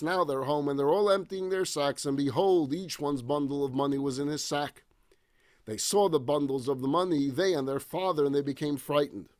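Expressive rabbi teaching a Bible class. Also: male voice, fairly high pitch, dry recording, studio quality. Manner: expressive, reads verses then retells them in casual paraphrase. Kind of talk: Bible study lecture.

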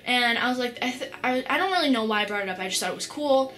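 A teenage girl vlogging, with a bright, forceful voice pitched a little high. She tells a story in a rush of excitement, rambling, filling it with "like" and stopping to restart her sentences. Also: quick pace, faint music behind. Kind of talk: casual storytelling vlog.

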